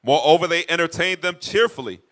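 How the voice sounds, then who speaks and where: A man reading old scripture verses aloud at a steady, plain pace. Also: on the high side, a little fast. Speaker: scripture reader.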